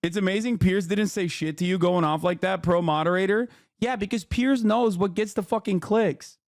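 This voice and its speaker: High-voiced profane male streamer, dry sound. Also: normal speed, no echo. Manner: profane, animated and boastful. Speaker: streamer and political commentator. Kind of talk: casual reaction stream.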